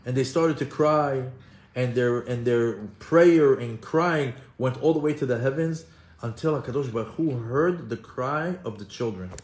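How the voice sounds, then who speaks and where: A man teaching as a rabbi in a storytelling sermon, acting out the quotes in lively bursts and switching between Hebrew quotations and English translation. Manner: animated, acts out quotes with rising pitch and fast bursts. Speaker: rabbi giving a Torah class. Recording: echoey room.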